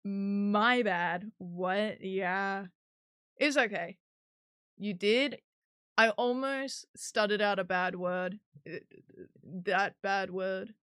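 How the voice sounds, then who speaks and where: A woman's voice: medium pitch, fairly even intonation, drawn-out words, fairly bright tone, clean tone, no room sound. Chatty streamer girl rambling while she builds a model, laughs a lot, dry close mic. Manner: chatty, giggly, swears casually. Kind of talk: casual stream chat while working on a 3D model.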